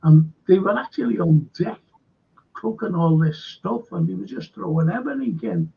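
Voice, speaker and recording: Gravelly Scouse man telling local history. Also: high-pitched, sing-song, moderate pace. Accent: Liverpool (Scouse). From Liverpool, England. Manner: rambling anecdotal storyteller with frequent fillers. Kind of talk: casual storytelling chat. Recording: dull lo-fi sound.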